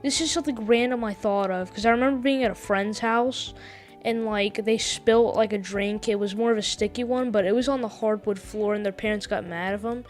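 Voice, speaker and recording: A woman's voice: mid-range voice, steady tone, brisk, soft background music. A woman hosting a stream, chatting casually and commenting over a video she is watching. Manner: chatty, talks over the clip. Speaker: stream host reacting to a video.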